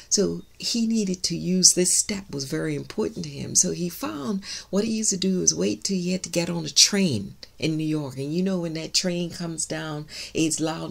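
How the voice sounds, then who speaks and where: A woman minister preaching a sermon in an emphatic, loud way. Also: low voice, gravelly, breathy edge. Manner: emphatic, says she is loud, shouts key words.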